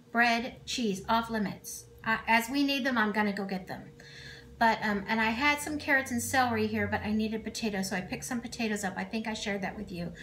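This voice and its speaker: A woman's voice: a little high, fairly bright tone, a little hiss or hum. A middle-aged woman chatting casually to camera in her home kitchen, rambling with asides and fillers as she talks through a cooking vlog. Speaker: cooking vlogger.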